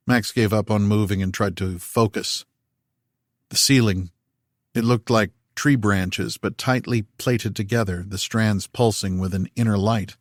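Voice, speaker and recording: Male audiobook narrator, low voice, dry close sound, measured storytelling. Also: dry recording. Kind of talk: scripted narration.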